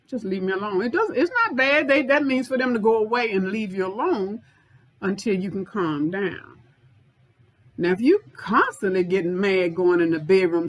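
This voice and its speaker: Slow-talking woman therapist giving advice. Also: medium pitch, poor audio. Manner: direct, conversational, repeats points for emphasis. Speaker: anger management therapist. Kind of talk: informal self-help talk to viewers.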